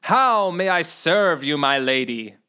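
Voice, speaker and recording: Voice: medium pitch, lively intonation, slow, sharp tone, smooth. A storyteller voicing a boastful, oblivious young male knight in a comedy storybook, declaiming each line grandly and stretching out the words. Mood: grandiose. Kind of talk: storybook reading.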